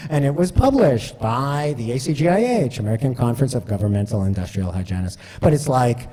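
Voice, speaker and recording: Chatty man in a reverberant hall. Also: medium pitch. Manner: chatty, self-deprecating, animated. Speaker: speaker. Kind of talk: storytelling talk.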